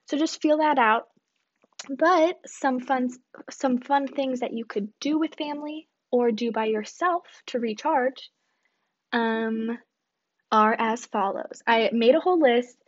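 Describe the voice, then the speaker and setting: A young woman talks through her solo podcast in a loose, rambling way, full of fillers and little self-deprecating asides. Her voice sits a bit high for a woman. The home recording sounds dull and lo-fi. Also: slow pace. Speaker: podcast host. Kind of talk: casual solo podcast chat.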